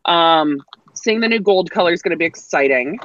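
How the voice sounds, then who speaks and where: A woman's voice: fairly low pitch, lively intonation, moderate pace, a bit bright, lo-fi sound. A woman co-hosting a tech live stream, chatting casually and enthusiastically, teasing the others. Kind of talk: casual chat.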